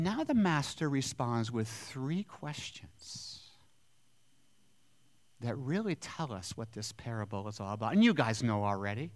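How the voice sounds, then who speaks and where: A man's voice: medium pitch, lively intonation, measured pace. A male pastor giving a sermon in a conversational way, often asking his congregation rhetorical questions.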